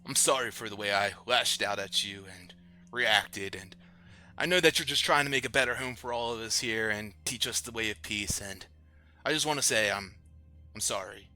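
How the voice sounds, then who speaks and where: A man voicing a gentle, sincere female dragon teacher in a tabletop game, soft-spoken and apologetic. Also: lowish voice, normal speed, faint music behind. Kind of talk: in-character tabletop role-play.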